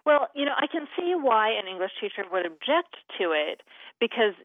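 A woman's voice: a little high, sing-song, normal speed, dry recording. Chatty woman grammar expert on phone. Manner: chatty, many "you know" fillers, laughs easily. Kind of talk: explaining on a call-in radio show. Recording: narrow phone line.

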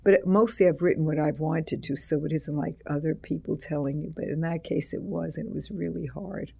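A man's voice: fairly high pitch, steady tone, a little fast, gravelly, dark tone, slightly rough. An older man, an author and teacher being interviewed, rambling through anecdotes with many restarts and acted-out quotes.

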